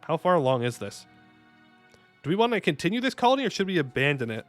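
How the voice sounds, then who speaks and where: A man streaming a strategy game, commenting casually and excitably, talking to himself and his chat with jokey asides. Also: fairly high pitch, fast talker. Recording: faint music behind the voice.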